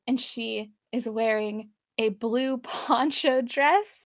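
Young female co-host, high-pitched and bubbly, dry close-mic recap chatter. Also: no room sound. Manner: animated, laughs often, quick asides. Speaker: podcast co-host. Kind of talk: casual chat recapping an episode.

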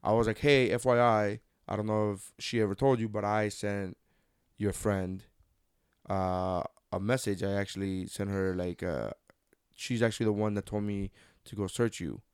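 A man's voice: fairly low pitch, steady tone, moderate pace, clean tone, no echo, clean studio sound. A man in his thirties co-hosting a casual chat with his wife, joking and teasing as he retells a story. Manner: joking, swears freely, teasing. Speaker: podcast co-host.

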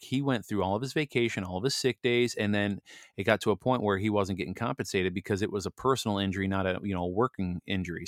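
A man's voice: fairly low pitch, no echo, studio quality. A man hosting a Bible devotional show, telling a story casually with many fillers and reading scripture aloud. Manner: rambling storyteller, many "you know" fillers.

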